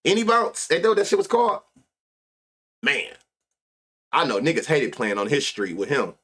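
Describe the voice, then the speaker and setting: A man's voice: medium pitch, big pitch swings, normal speed, fairly bright tone, husky. A man hosting a live sports-betting stream, chatting casually with lots of slang and profanity, laughing often and muttering stats under his breath. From United States. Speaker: sports betting show host.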